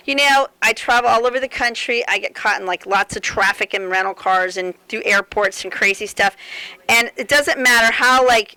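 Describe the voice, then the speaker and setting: A woman's voice: medium pitch, sharp tone, smooth, dry recording, rough recording. A middle-aged woman giving a live sewing demonstration to an audience at a fair, telling rambling, joking stories as she works. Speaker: sewing seminar presenter.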